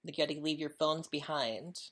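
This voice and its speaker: A woman's voice: sits low, a little fast. A woman hosting her own podcast, talking candidly and chattily in a casual solo monologue, often repeating herself as she goes. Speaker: podcast host.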